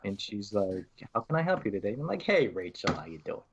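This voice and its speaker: A man's voice: lowish voice, sing-song, quick pace, noisy background. A man co-hosting a podcast, chatting casually and acting out his phone calls as he tells a story. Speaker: podcast co-host. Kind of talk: casual chat.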